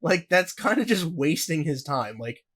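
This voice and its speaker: A man's voice: a little high, expressive, moderate pace, fairly bright tone, husky. A young man co-hosting a podcast, telling a story in a rambling, profane way full of filler words. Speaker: podcast co-host. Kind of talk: casual podcast chat.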